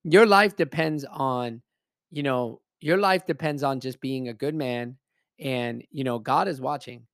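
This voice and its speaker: A man's voice: medium pitch, a little slow, fairly bright tone, dry recording, clean studio sound. A man telling a story in a casual, blunt way, swearing often and speaking with emphasis.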